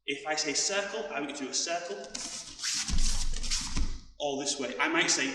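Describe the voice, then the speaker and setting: A man's voice: on the high side, normal speed, noisy background. A man leading an online judo class for children, calling out directions as he moves and getting out of breath. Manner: shouts commands while moving. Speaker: judo coach. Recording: echoey hall, mic far off.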